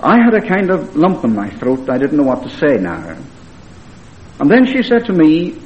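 A man's voice: a little high, wildly swooping pitch, normal speed, dull audio. Earnest male preacher on an old recording. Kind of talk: sermon storytelling.

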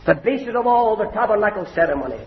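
A man's voice: sits high, expressive, quick pace, slight background noise. An older man preaching a gospel sermon, telling a story and then pleading passionately with his listeners. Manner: storytelling, swelling to impassioned pleading. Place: large hall at an evangelistic meeting. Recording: echoey hall, muffled lo-fi tape.

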